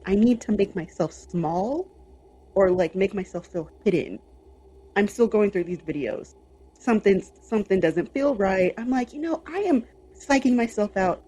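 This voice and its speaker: Woman, young adult, casual storyteller, mellow breathy voice. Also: medium pitch. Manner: animated, lots of fillers and quoted inner voice. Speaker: podcast co-host.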